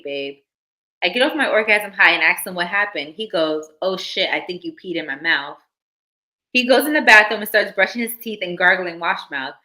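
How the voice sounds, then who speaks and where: A woman's voice: mid-range voice, sharp tone. A young adult woman hosting a live stream, reading listener stories aloud with casual, laughing asides to her chat.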